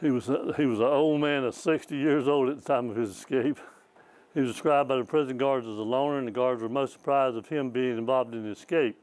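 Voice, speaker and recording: An older man with a drawl tells a long story in a library presentation. He rambles in a folksy way, stumbling over his words and chuckling at his own tales. His pitch sits right in the middle for a man. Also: steady tone, brisk, a little mellow, poor audio. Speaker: former state trooper giving a presentation. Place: small public library talk.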